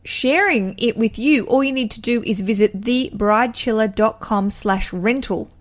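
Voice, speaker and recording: A woman's voice: fairly high pitch, moderate pace. A young Australian woman hosting a wedding podcast, giving a listener chatty, enthusiastic advice with rambling asides. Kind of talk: casual advice chat.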